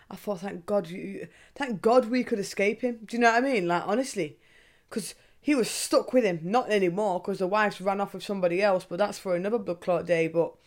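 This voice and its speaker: Young woman, podcast host, candid confessional chat, swears freely. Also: mid-range voice. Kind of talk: casual confessional monologue.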